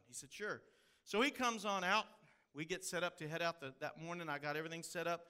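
Man, Texan accent, pastor, folksy storytelling sermon, bright tone. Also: high voice, quick pace, clean tone. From Texas hill country. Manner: folksy storytelling with drawled phrases.

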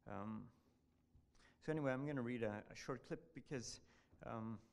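A man giving a devotional talk at church, reading a passage aloud in an earnest, halting way. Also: medium pitch, creaky.

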